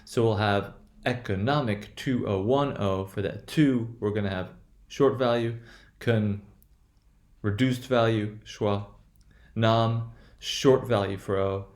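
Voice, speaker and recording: A man's voice: fairly low pitch, unhurried, a little mellow, roomy sound. A man teaching English word stress in a recorded lecture, checking in with "right?" after nearly every point, with lots of fillers and restarts. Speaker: pronunciation teacher.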